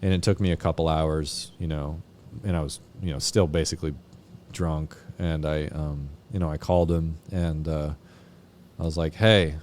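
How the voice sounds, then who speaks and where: A man from Vermont, a podcast guest, telling his recovery story in a halting way with lots of fillers and swearing. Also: very deep voice, flat delivery, a little mellow, slight background noise. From Vermont, USA. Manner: halting, many fillers and restarts, frequent swearing. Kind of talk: candid personal recovery story.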